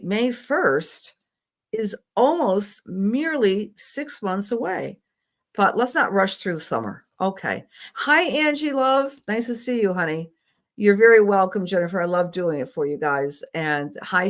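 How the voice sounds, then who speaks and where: This astrologer, a middle-aged woman with a fairly low-pitched voice, gives psychic readings live on stream. She's affectionate and tends to ramble, with many fillers in her speech.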